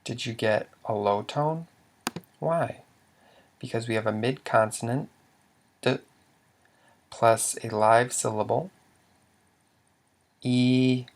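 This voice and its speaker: Brief: male language teacher with a mid-pitched voice and vocal fry, talking over slides in a measured way with frequent restarts. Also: slight background noise. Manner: measured, stops to restart words, asks then answers questions. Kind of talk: narrated slide lesson.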